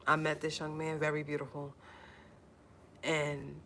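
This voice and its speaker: A woman with a low voice talks straight to her livestream viewers in a casual, earnest way. She repeats phrases, pleads with her audience, and fights back tears. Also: monotone, a little slow, fairly bright tone, a little hiss or hum. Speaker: YouTube livestream host.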